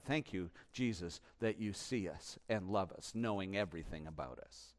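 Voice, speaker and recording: A man preaching a sermon as pastor, impassioned, swinging from hushed and reflective to loud and urgent. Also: low-pitched, expressive, moderate pace, few pauses.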